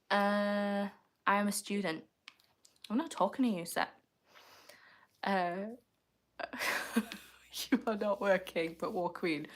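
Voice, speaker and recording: A woman, chatting casually on a livestream, answering comments in a playful, teasing way and laughing often. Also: mid-range voice.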